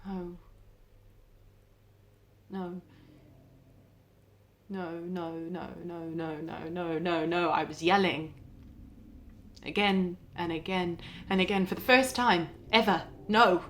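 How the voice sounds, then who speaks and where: An actress playing a young wife who records a shaken video message to her mother, speaking softly and haltingly. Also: lowish voice, fairly even intonation, a little hiss or hum, rough recording. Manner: soft, hesitant, halting delivery with quiet dips. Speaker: actor in a short film. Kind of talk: dramatic monologue as a video message.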